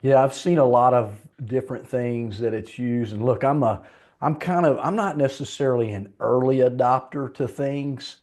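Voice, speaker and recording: A middle-aged man with a Southern US accent speaks at a medium pitch in a loose, easygoing way. He tells stories against himself and fills his talk with "man" and "like." The effect is a relaxed podcast guest. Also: moderate pace. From Little Rock, Arkansas, USA. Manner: relaxed storyteller, self-deprecating, says "man" and "like". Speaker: podcast guest, leadership coach. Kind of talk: conversational podcast interview.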